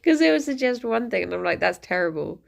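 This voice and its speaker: A woman's voice: fairly high pitch, animated, fast, creaky, darkish tone. A woman streaming from home, chatting in a rambling, easygoing way and often breaking into laughter. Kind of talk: casual chat to a live stream.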